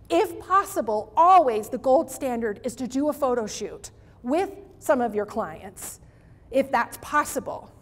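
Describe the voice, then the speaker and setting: High-voiced woman giving an animated keynote. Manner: animated, emphatic, pleading asides. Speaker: keynote speaker. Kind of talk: live marketing keynote talk. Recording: reverberant hall.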